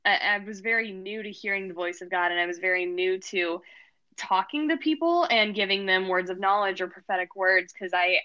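A woman's voice: mid-range voice, bright, forceful tone. A young woman hosting a casual faith discussion, enthusiastic, with frequent laughs and fillers. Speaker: host. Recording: dull lo-fi sound.

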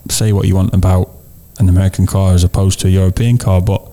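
A man who is a guest car expert on a podcast, giving relaxed, plain-spoken opinions in casual studio chat. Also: low-pitched, quick pace.

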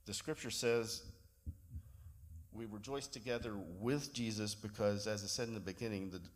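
Man preaching, lowish easygoing voice. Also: normal speed. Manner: relaxed storytelling with self-deprecating humor. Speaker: pastor. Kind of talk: sermon.

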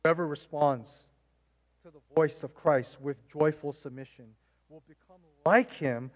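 A man's voice: a little high, measured pace, long reverb tail. A male pastor preaching a sermon, emphatic and repeating phrases, with rhetorical questions to the congregation. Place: church sanctuary. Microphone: mic.

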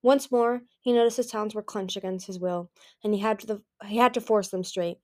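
A woman reading a chapter of a novel aloud in a steady storytelling way, with the odd restart. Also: medium pitch, brisk. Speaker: audiobook reader.

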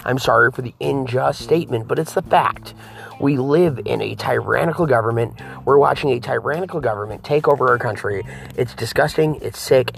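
Gravelly-voiced man ranting politics. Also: mid-range voice, a little fast. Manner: preachy, addresses viewers as folks and guys. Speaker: political talk show host.

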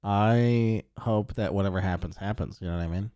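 A man chatting casually about gaming, laid-back and quick to laugh, swearing now and then. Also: lowish voice, warm tone, no room sound, highs cut off.

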